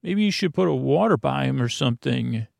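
A man's voice: medium pitch, lively intonation, a little fast, creaky, a little mellow, no room sound. A man voicing a pampered socialite woman who frets and rambles theatrically. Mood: fussy.

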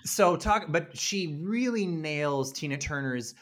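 A man's voice: a little high, animated, slow pace. A man co-hosting a casual podcast, chatting and laughing often, with frequent restarts. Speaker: podcast co-host. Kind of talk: casual film discussion.

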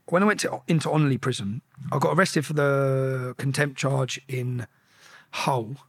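A man's voice: medium pitch, fairly even intonation, measured pace, fairly bright tone, husky. A man bluntly recounting his experiences as an interview guest, swearing freely and restarting his sentences often. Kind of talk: casual storytelling.

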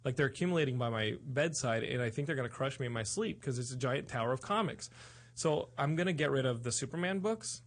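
A man hosting a podcast in casual chat, rambling and excitable. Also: medium pitch, quick pace. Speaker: podcast host.

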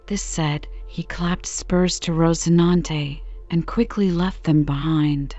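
A woman narrating a classic novel in a calm, soothing bedtime reading. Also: low voice, dull audio, soft background music. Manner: calm, even, unhurried.

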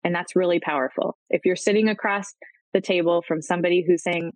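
Woman guest expert, low-pitched, conversational, dry close mic. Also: steady tone, brisk, no echo, poor audio. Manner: acts out quoted voices, frequent "right?" and "um". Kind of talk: conversational explaining.

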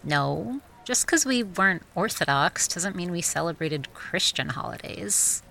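Young woman from Texas, gravelly and bright. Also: fairly low pitch, lively intonation, unhurried, rough recording. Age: young adult. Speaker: guest. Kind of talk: casual interview chat.

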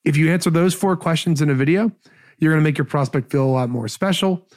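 Brief: male guest, slightly higher voice, quick energetic advice, lots of restarts. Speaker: podcast guest, sales expert. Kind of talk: casual advice talk.

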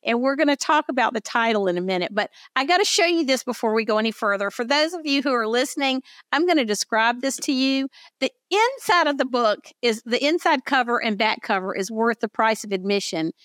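Older Southern woman, podcast host, effusive chatty delivery, slightly high voice, dry close sound. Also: animated, a little fast, a bit bright, no echo. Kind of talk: casual interview chat.

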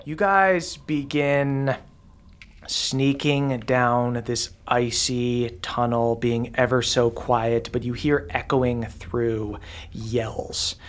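A game master narrating a tabletop game scene with relaxed description and frequent fillers. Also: mid-range voice, drawn-out words.

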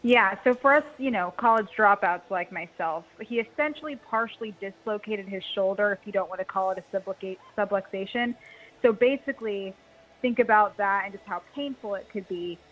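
A woman's voice: mid-range voice, a little fast, dull audio. A woman talking baseball as an analyst on a pregame radio show, chatty and self-deprecating. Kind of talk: casual sports chat.

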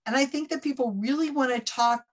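A woman talking casually in an interview, animated and quick to act out other people's voices as she tells a story. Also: high voice. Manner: animated, acts out quoted voices mid-story. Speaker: guest skeptic of psychics. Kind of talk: conversational interview.

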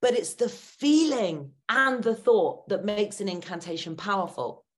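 A woman's voice: mid-range voice, lively intonation, unhurried. Earnest woman coaching confidence. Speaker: guest speaker and confidence trainer. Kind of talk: podcast interview.

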